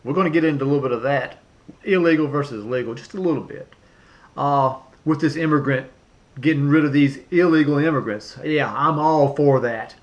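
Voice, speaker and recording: A man's voice: a little high, fairly quick, dull audio. A man ranting emphatically to camera in a vlog, repeating himself with many fillers and restarts. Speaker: vlogger. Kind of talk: political rant to camera.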